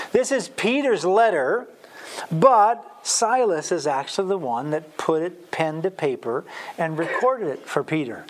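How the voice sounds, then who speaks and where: A man's voice: on the high side, a little hiss or hum. A man from Wisconsin teaching a Bible lesson in a sermon style, emphatic and full of fillers and restarts.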